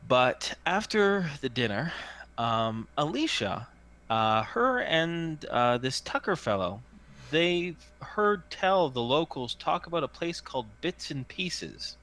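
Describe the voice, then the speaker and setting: Bright, lively game master. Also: male voice, a little high, slow. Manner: chatty, many fillers and restarts. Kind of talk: narrating a tabletop game.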